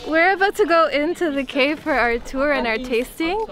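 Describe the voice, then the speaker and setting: Excited chatty woman travel vlogger. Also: high voice, normal speed, faint music behind. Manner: excited, chatty, explains as she goes. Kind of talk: casual travel vlog chat.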